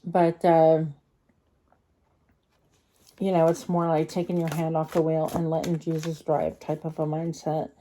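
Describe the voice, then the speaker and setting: A woman reads tarot cards for her viewers in a relaxed, rambling way, stopping often to think aloud. Her voice sits a little low and sounds very mellow and dark. Her speech is slightly slurred by a retainer in her mouth. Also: a little slow, long pauses. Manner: chatty, rambling, thinking aloud with many fillers. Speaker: tarot card reader. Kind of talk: pick-a-card tarot reading.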